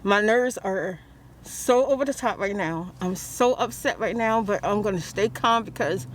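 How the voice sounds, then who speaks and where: Standing near a car, a woman vlogs emotionally about her stressful morning, praying out loud and starting her sentences over. Her voice is medium-pitched at a normal speed, with a slight hiss or hum in the background.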